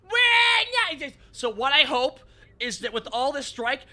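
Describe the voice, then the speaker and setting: A man from Canada hosting a live stream, telling stories in a rapid, animated way and swearing freely. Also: very high-pitched. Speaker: streamer host. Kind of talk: casual chat on a live stream.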